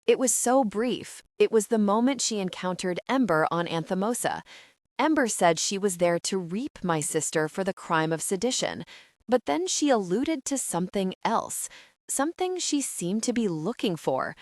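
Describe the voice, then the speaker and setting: A woman's voice: mid-range voice, animated, normal speed, darkish tone, no room sound, clean studio sound, natural voice. Woman voicing a young woman with a smoky voice. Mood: recounting.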